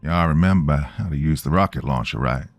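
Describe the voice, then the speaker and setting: A man's voice: very deep voice, brisk, faint music behind, voice pushed down. A man voicing a friendly, folksy male sailor who encourages a newcomer. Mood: encouraging.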